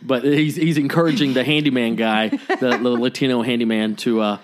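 A man's voice: medium pitch, steady tone, brisk. A young adult man co-hosting a podcast in casual chat, joking and now and then quoting lines in put-on voices. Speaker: podcast co-host.

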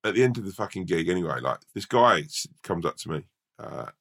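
A hungover male stand-up comedian from Britain, telling a sweary, animated anecdote in casual chat. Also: sits low, fairly quick, creaky.

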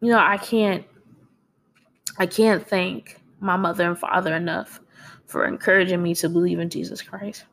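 Tearful woman with a gravelly edge. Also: on the low side, steady tone, normal speed. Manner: earnest and encouraging, with soft laughs. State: tearful, crying. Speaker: speaker sharing faith. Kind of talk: personal devotional talk.

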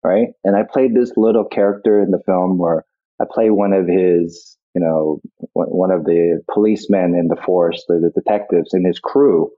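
A man's voice: low voice, fairly even intonation, moderate pace. A man being interviewed as a guest actor, telling stories reflectively with many restarts, over a tinny phone-like line. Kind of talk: interview conversation.

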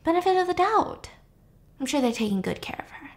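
A woman's voice: sits high, sing-song, a little fast, pitched above the performer's own voice. A woman voicing a cold, mocking young woman who taunts with heavy sarcasm.

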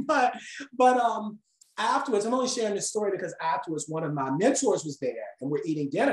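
A woman instructor teaching a live communication class, telling stories with lively acted-out quotes. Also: mid-range voice, fairly quick, echoey room, low-quality recording.

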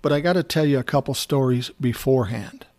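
A man's voice: mid-range voice, brisk, darkish tone. A man who once managed a music artist, telling a personal story in a casual, blunt, conversational way. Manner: conversational, blunt, swears freely.

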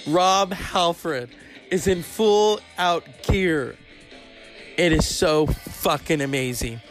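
A man's voice: fairly high pitch, slow pace, faint music behind. A man in his thirties hosting a solo comedy podcast, rambling and profane with campy asides. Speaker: podcast host. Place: at home, in bed.

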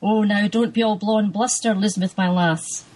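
A woman's voice: medium pitch, steady tone, a little fast, a little mellow, natural voice, rough recording. A woman reading the lines of an earthy Scottish woman full of folk lore, homely and scolding, in a Scottish accent. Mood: knowing. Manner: homely, scolding, sure of fate.

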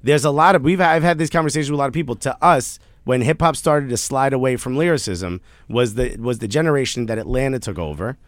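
A man in a casual chat who laughs often, teases the others, and sometimes drops low and quiet. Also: expressive, fast talker, hardly any pauses, dry recording, studio quality.

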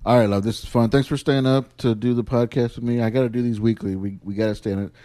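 A man's voice: medium pitch, fairly even intonation, quick pace, warm tone. Laughing man hosting a casual podcast. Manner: laughing storyteller, mimics his wife. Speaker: podcast host. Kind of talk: casual chat.

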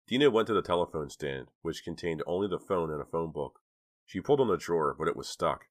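Low male narrator, measured horror-thriller read, dry booth sound. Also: expressive, no echo. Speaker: audiobook narrator. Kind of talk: scripted narration.

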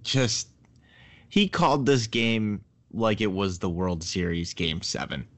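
A man co-hosting a casual sports talk show, relaxed and agreeable. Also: on the low side, takes it slowly, no room sound. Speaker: podcast co-host.

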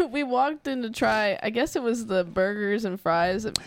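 A woman's voice: a little high, a little slow, slight background noise. A woman co-hosting a podcast, telling stories in casual chat and laughing as she goes. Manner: giggly, laughs through her stories. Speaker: podcast co-host.

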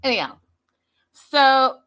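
A woman hosting a casual live show, recapping a reality series and reading out viewer comments in a chatty, expressive way. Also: sits high, takes it slowly, smooth.

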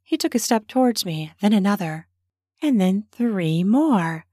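A woman narrating her own erotic story in a slow, intimate way, slipping into whispers. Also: medium pitch, animated, a little mellow, dry recording, clean studio sound.

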